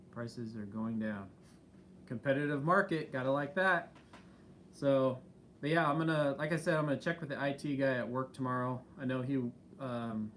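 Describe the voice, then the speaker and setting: Easygoing rambling man, faint hum. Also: mid-range voice. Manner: rambling, easygoing, many fillers. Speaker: channel co-host. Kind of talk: casual live-stream chat.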